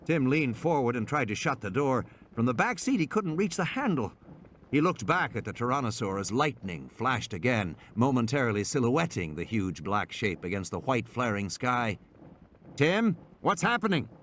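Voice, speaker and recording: Lively dramatic male audiobook narrator. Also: moderate pace, a little hiss or hum. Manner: dramatic, lively pitch swings.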